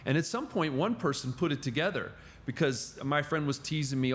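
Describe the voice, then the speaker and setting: A middle-aged man telling stories as a podcast guest in casual, animated conversation. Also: a little high, a little fast, few pauses. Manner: animated storyteller.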